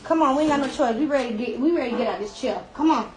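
High-voiced emotional encouraging woman. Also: racing, slight background noise. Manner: emotional, encouraging, near tears; lively, emphatic. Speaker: hairstylist. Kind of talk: casual live-stream talk.

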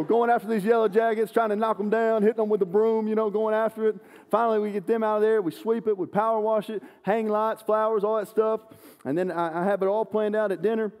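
A man preaching a sermon, an animated, self-deprecating storyteller. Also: high-pitched. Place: church sanctuary. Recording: long church hall reverb.

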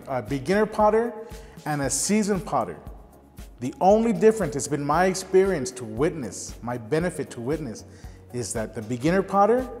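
A man's voice: fairly high pitch, a little mellow, long reverb tail. A middle-aged man who teaches ceramics tells earnest stories in a documentary interview. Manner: earnest, storytelling with gestures.

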